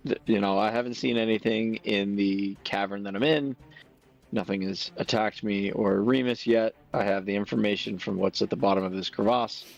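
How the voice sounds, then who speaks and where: A man playing a tabletop game, planning his moves calmly and deliberately. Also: on the low side, gravelly, lo-fi sound, soft background music. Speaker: player. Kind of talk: casual tabletop play.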